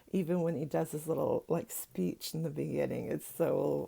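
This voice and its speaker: A woman's voice: low voice, moderate pace, vocal fry, hardly any pauses, warm tone, slightly rough. A middle-aged woman, a psychic teacher, chatting casually to camera at home, rambling with lots of fillers and asides.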